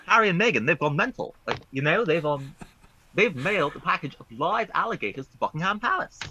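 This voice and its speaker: A man putting on a brash, slangy Cockney accent to voice an excitable gossiping London bloke. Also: fairly high pitch, fairly quick, muffled recording, a little hiss or hum, pitched above the performer's own voice, exaggerated voice. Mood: gossipy. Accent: put-on Cockney.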